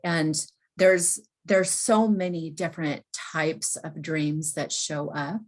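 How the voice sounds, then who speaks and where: Female podcast guest, low voice, thoughtful and halting. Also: fairly even intonation. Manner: thoughtful, hesitant, with restarts. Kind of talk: conversational podcast talk.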